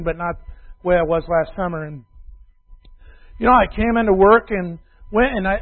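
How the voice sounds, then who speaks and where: A man preaching a sermon, telling a confessional story and swinging between loud bursts and quiet asides. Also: high voice. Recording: tinny phone-like radio broadcast.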